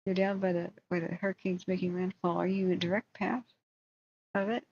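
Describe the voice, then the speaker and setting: A woman's voice: on the low side, little pitch movement, brisk, a little mellow, lo-fi sound, slight background noise. A woman hosting a livestream in casual chat, rambling and talking to her viewers. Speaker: livestream host.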